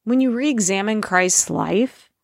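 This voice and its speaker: A middle-aged woman giving an informal, earnest faith talk as a parent, slowing down to stress her points. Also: medium pitch, gravelly, no echo, clean studio sound. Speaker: Christian speaker, parent.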